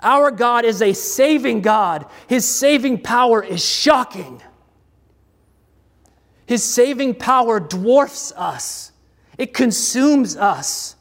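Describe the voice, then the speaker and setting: A man with a notably high voice preaches in a slow, measured cadence, leaning on pauses and repeated refrains. His words ring out with a long reverb, as if in a large hall. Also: animated, fairly bright tone. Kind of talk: sermon.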